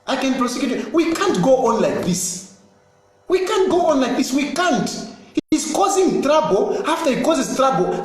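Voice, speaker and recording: A man's voice: very high-pitched, very echoey, rough recording. A man, a politician, making an insistent, emphatic political statement and repeating his points. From Zambia.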